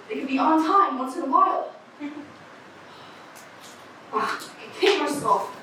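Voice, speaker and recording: On a camp theater stage, a teenage student actor performs a monologue as an eccentric street bag lady who talks about aliens, rambling, confiding, and pointing out the audience. Her voice is raspy, high-pitched, and fairly bright. It was recorded from far off in an echoey hall, with slight background noise.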